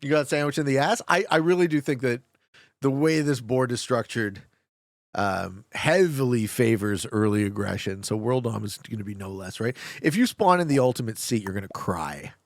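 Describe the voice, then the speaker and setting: A man's voice: medium pitch, expressive, moderate pace, dry recording, clean studio sound. A young man streaming a strategy game, chatting casually, joking and laughing often as he answers chat. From Canada.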